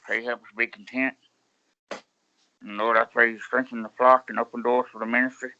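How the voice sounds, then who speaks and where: Bright Louisiana man praying. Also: medium pitch, flat delivery, fairly quick. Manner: plain, humble, repeats phrases. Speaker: group member leading prayer. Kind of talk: spoken prayer. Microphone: video call. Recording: dull video-call audio.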